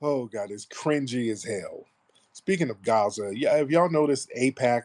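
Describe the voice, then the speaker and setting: A man's voice: mid-range voice, animated, moderate pace, a little mellow. A man hosting a live political commentary show, blunt and mocking, with rambling asides. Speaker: radio show host.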